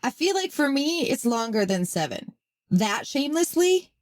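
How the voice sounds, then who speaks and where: Laughing, animated woman on a podcast. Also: sits high, normal speed, a crowd in the background. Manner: laughing, animated, reads out her own notes. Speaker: guest podcast co-host. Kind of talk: casual podcast chat.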